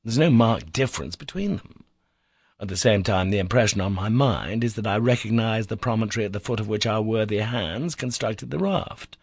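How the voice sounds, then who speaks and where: A man's voice: fairly low pitch, moderate pace, breathy edge, dry recording, clean studio sound. A man doing an eager young explorer. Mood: uncertain. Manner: excited, impetuous.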